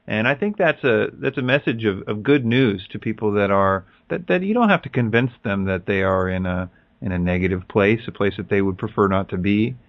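Low-voiced halting man, dull dry sound. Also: no echo. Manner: halting, repeats words. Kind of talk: casual religious talk.

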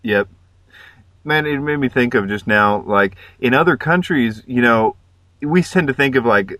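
A man's voice: medium pitch, a little slow, bright, forceful tone, no room sound. A man chatting casually on a podcast, hesitant and full of fillers. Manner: hesitant, filler-heavy, laughs often.

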